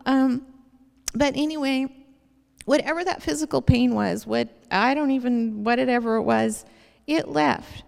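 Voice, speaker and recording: A woman's voice: high voice, a little slow, gravelly, a little mellow. A woman giving a personal faith testimony to an audience, telling her story in an earnest, rambling way in a large hall. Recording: long hall reverb.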